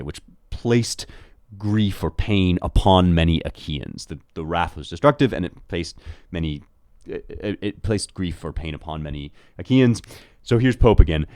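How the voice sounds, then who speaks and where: A man's voice: low-pitched, animated, normal speed, darkish tone, dry recording, studio quality. A man giving a thoughtful educational talk on translating poetry, often restarting his phrasing. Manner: thoughtful, with frequent restarts and rhythmic demonstrations. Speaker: host.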